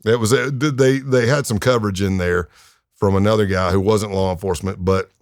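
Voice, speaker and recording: A man's voice: lowish voice, fairly quick, dry recording, studio quality. A man in his fifties, a retired undercover agent, telling his story casually as a podcast guest, with lots of fillers. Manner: animated, acts out quoted voices, many fillers.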